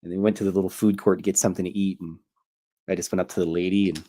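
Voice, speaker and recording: A man's voice: sits low, level tone, racing, dark tone. A Canadian man who hosts a cartoon show, telling meandering, jokey stories and often interrupting himself. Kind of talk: rambling casual storytelling.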